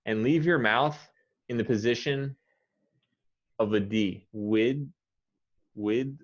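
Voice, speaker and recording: An American man teaching English pronunciation one-on-one, patiently correcting and modeling words slowly. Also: mid-range voice, lo-fi sound.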